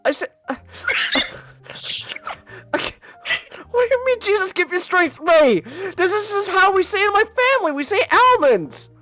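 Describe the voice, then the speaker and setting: A woman's voice: very high voice, very animated, moderate pace, pauses often, a bit bright, faint music behind. A woman co-hosting a podcast in casual chat, flustered and defensive, stumbling over many restarts. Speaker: podcast co-host.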